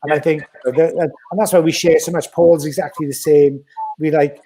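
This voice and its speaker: Male podcast co-host, blunt and animated, higher voice, dark tone. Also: moderate pace, slightly rough. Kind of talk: casual podcast chat.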